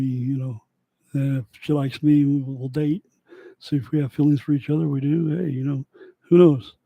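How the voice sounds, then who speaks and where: Gravelly, dark-voiced man telling stories. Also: medium pitch, dry recording. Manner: rambling, digressive. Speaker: storyteller. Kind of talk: casual personal storytelling monologue.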